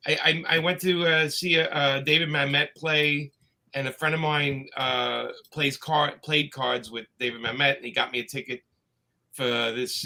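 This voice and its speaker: A man's voice: medium pitch, pushed and bright. A man telling long, rambling anecdotes in a casual chat, full of fillers and restarts. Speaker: comics creator telling stories.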